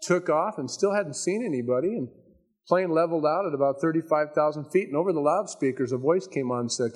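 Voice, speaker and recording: A man preaching with a voice a touch higher than most men's. He tells stories in a folksy, chatty way and drags out the words he wants to land. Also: darkish tone, breathy edge. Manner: conversational storytelling, folksy asides; emphatic, slows down on key points. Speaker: pastor. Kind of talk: sermon.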